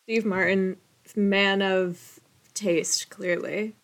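A woman's voice: medium pitch, steady tone, drawn-out words, a bit bright. A young woman co-hosting a podcast, chatting casually in an emphatic, slangy way about a film she loves. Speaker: podcast co-host. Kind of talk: casual chat.

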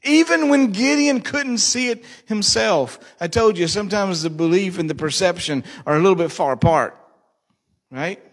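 A man's voice: high-pitched, expressive, moderate pace. A male pastor preaching a sermon, joking and asking the congregation questions. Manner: jokey, asks the congregation questions.

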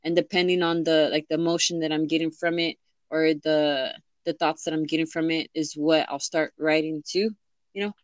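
A woman's voice: deep voice, little pitch movement, normal speed, no echo, muffled recording. A young woman in casual chat, rambling with lots of fillers and restarts. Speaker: interviewee.

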